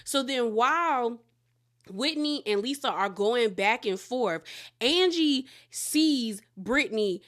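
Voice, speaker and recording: A woman casually recapping a reality show, acting out each person's lines in an animated way and laughing often as she goes. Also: fairly high pitch, takes it slowly. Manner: animated retelling, acting out quotes; laughs often while talking.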